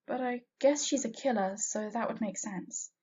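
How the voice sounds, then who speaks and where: A woman's voice: a little high, normal speed, darkish tone, breathy edge. A woman voicing a friendly, fond uncle who jokes lightly. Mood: teasing. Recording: dull lo-fi recording.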